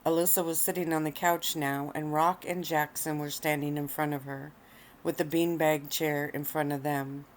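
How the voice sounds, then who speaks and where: A woman softly reading her own story aloud at home, relaxed and unhurried, lounging on pillows. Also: sits low, a little hiss or hum. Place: at home, lying on a bed of pillows.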